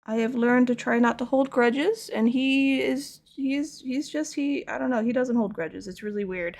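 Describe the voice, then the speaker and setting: A woman's voice: a little high, normal speed, creaky. A young woman chatting casually and playfully while painting figures on stream, rambling through stories. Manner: rambling, playful, animated storytelling. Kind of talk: casual chat while crafting.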